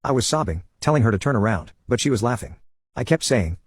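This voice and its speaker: A man narrating a personal story in a steady first-person telling. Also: medium pitch, fast talker, breathy edge, dry recording.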